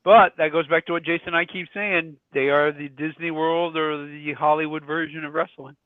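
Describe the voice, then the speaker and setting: Male panelist, a bit high-pitched, on a tinny phone line, dry and wry. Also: fairly even intonation, moderate pace, no room sound. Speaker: podcast panelist. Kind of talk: casual wrestling chat.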